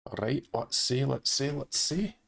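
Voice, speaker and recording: A man's voice: mid-range voice, expressive, unhurried, vocal fry, fairly bright tone. A man hosting a casual live stream, laughing often and swearing lightly while he sets things up and talks to his chat.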